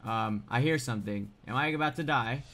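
A man giving let's play commentary as a gaming YouTuber, excitable and swearing, often yelling in surprise. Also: medium pitch, brisk, soft background music. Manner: excitable, swearing, frequent startled outbursts.

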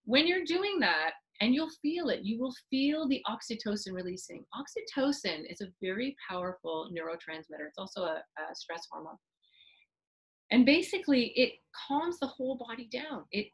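A middle-aged woman teaching a parenting webinar, explaining with lively asides and acted-out examples. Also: a little high, normal speed, rough recording. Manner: animated, acts out parent and child voices mid-explanation. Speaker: parenting therapist giving a webinar.

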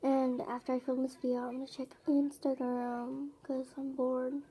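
A woman's voice: high-pitched, level tone, normal speed, mellow, husky. A young woman filming a casual vlog at home, rambling and tired, saying "like" a lot. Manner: rambling, bored, says "like" often. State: tired, yawning. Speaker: vlogger. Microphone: phone camera.

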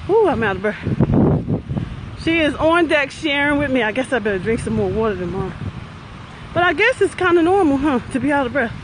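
A woman hosting a live walking vlog, talking while she walks briskly through a lakeside garden, cheering herself and her viewers on. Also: high-pitched, animated. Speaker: wellness facilitator hosting a walking livestream. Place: outdoors in a lakeside garden with traffic nearby. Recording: outdoor phone audio with traffic noise.

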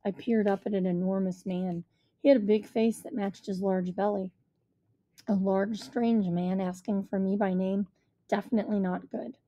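A woman reading a first-person children's storybook aloud in a measured storytelling manner. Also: mid-range voice, steady tone, dark tone, no echo, muffled recording. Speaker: audiobook reader.

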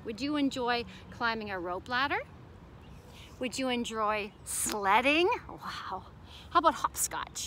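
Female preschool teacher, high bright voice, sing-song storybook reading with questions to kids. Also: a little hiss or hum. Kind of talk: reading a picture book aloud to children.

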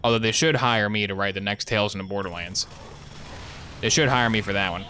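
A man's voice: lowish voice, a little fast, sharp tone, slight background noise. A young man giving casual, sarcastic live commentary while playing a shooter, rambling into jokey asides. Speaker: gaming streamer.

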